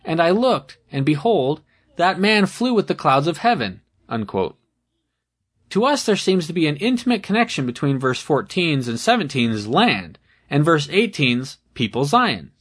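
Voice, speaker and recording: Man reading aloud with lively, solemn intonation. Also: fairly high pitch, normal speed, husky. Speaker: reader of a scholarly essay. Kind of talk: reading scripture and essay aloud.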